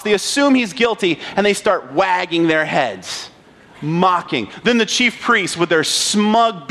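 A man's voice: sits high, a bit bright. A man preaching a sermon, reading scripture and acting out the mocking crowd with dramatic emphasis. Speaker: pastor.

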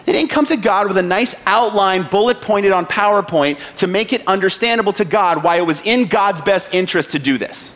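A man's voice: high-pitched, brisk, few pauses, fairly bright tone. A male pastor preaching a sermon in a conversational way, often asking rhetorical questions.

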